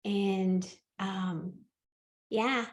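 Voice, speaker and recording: A woman hosting a podcast, telling a personal story in casual chat, animated and laughing often as she acts out what people said. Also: medium pitch, very slow, roomy sound. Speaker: podcast host and medium.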